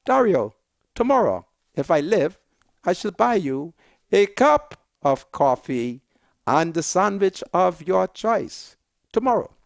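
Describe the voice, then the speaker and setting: A Bahamian man hosts a talk show in an insistent, declamatory monologue, pressing his points again and again. His voice sits high and carries a gravelly rasp. The recording is dry, with no room sound. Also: dry recording. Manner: declamatory, insistent, repeats "listen". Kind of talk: emphatic monologue.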